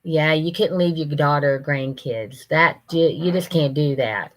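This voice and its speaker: A woman's voice: low voice, unhurried, poor audio. A woman, hosting a livestream and chatting folksily with viewers by name. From Ohio, USA. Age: 60s. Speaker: livestream host. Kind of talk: casual chat reading viewer comments.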